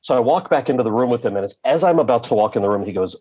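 Brief: male guest actor, husky tone, animated storyteller, voices his quoted characters. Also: mid-range voice, very fast. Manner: animated, acts out quoted people in his anecdotes. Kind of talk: conversational storytelling.

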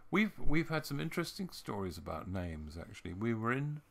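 A man co-hosting a podcast, telling stories in a relaxed, halting, anecdotal way. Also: medium pitch, vocal fry. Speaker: podcast co-host. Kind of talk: casual storytelling chat.

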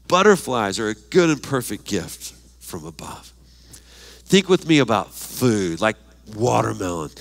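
An older man preaching a sermon as pastor, expressive and lively, asking many questions and reading scripture aloud. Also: fairly low pitch, measured pace, creaky. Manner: reads scripture verses aloud.

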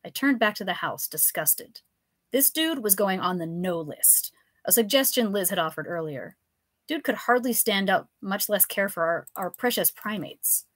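Reading from her comic novella at a moderate pace, the writer gives a lively, animated performance with a widely varying pitch. There's no room sound, so the recording comes across as completely dry.

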